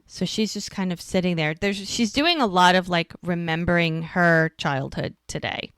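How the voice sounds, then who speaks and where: Recapping an episode in a relaxed way, this podcast co-host performs the characters' lines as she talks. She has a fairly low pitch, a fairly bright, clear and resonant tone, and a normal speed, with clean studio sound and no echo.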